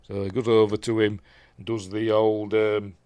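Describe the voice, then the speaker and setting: A man with a Yorkshire accent, his voice going hoarse, rambling through a live casual episode recap with lots of ums and asides. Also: fairly low pitch, completely flat delivery, moderate pace, a little mellow, a little hiss or hum. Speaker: streamer reviewing TV episodes.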